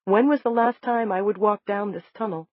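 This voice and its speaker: A woman narrating a science fiction novel in the first person, in a soft, measured and emotional way. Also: mid-range voice, fairly even intonation, dry recording. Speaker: audiobook narrator. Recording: dull lo-fi dry recording.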